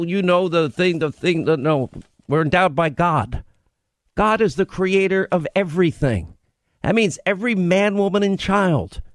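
A man's voice: on the high side, no room sound, studio quality. Emphatic talk radio host man. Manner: emphatic, repeats key phrases.

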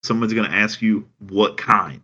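Low-voiced Southern man, deadpan. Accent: Southern American. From American South. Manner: dry, deadpan storytelling with drawn-out phrases. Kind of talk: casual chat. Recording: dull lo-fi sound.

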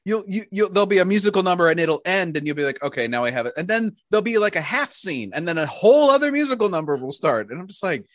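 An American podcast host in casual chat, animated, laughing often and restarting sentences. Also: mid-range voice, fast talker, few pauses, no room sound, clean studio sound. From United States.

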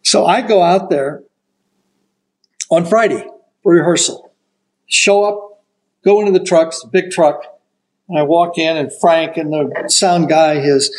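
An older man, a golf broadcaster, telling a story as an animated raconteur who acts out the quotes. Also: fairly high pitch, rough recording. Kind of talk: casual storytelling.

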